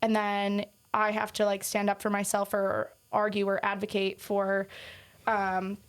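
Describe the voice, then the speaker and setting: A woman on a podcast speaks at a middling pitch, lively and chatty, tumbling through her stories with plenty of "like" fillers. She keeps acting out what other people said to her as she talks. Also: a little slow. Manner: animated, quotes others often, lots of "like" fillers. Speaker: paramedic guest. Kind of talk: casual interview storytelling.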